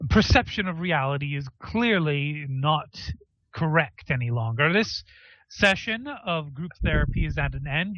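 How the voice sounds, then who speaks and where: A stern, pompous therapist who clips his words and sounds indignant at every challenge, as a man puts him on. The voice sits a little high and comes through dry, dull, lo-fi voice chat audio. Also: no room sound. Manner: clipped, indignant, commanding.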